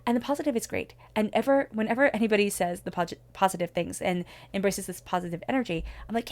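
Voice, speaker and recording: A woman's voice: medium pitch, quick pace, few pauses, a little mellow. A woman giving a spoken tarot reading, talking in an earnest, reflective way as she offers spiritual guidance. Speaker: tarot reader.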